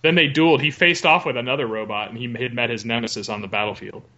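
A man's voice: medium pitch, quick pace, bright, forceful tone, slight background noise. A man co-hosting a casual podcast chat, telling wry, rambling stories. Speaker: podcast co-host. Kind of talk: casual chat among friends. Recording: muffled lo-fi call audio.

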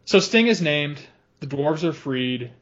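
A man talks through a film with a co-host, lively and quick to laugh. His voice sits at an ordinary pitch. The audio is a bit dull and lo-fi. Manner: animated, laughs often, quotes lines in funny voices. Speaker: podcast co-host. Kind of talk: casual film discussion.

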